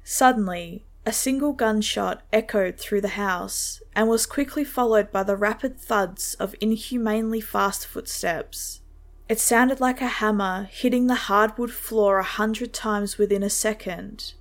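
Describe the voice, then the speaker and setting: A woman telling a first-person horror story with steady, measured pacing. Her voice sits at a middle pitch for a woman, even and unhurried. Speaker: narrator.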